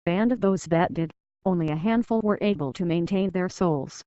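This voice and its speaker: A woman voicing a calm blonde android. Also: fairly low pitch, dry recording, natural voice. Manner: calm, measured. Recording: dull dry recording.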